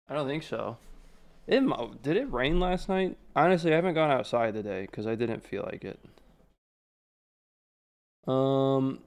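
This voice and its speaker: A man's voice: mid-range voice, a little mellow. A man streaming, chatting casually and rambling through stories with lots of filler words. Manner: rambling, filler-heavy storytelling. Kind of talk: casual livestream chat.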